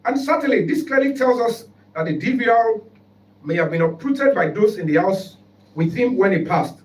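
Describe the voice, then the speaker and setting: A man with a fairly high voice and a Nigerian English accent speaks as a human rights spokesman at a press conference. His delivery is formal and emphatic, rising to declamation. The sound is roomy and picked up from some distance, with faint noise behind. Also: animated, moderate pace, darkish tone.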